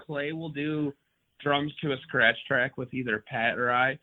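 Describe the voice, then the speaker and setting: A man's voice: mid-range voice, fairly even intonation, unhurried. A man who plays guitar in a band, talking casually in an interview, rambling and repeating himself with lots of filler words, heard over the phone. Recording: tinny phone line.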